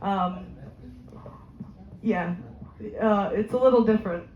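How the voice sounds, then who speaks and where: A woman giving an informal question-and-answer talk on voice health, chatty and quick to laugh, with many ums. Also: mid-range voice, a little mellow, slight background noise. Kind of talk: informal Q&A presentation. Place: community room at a senior living center. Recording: echoey, slightly dull room recording.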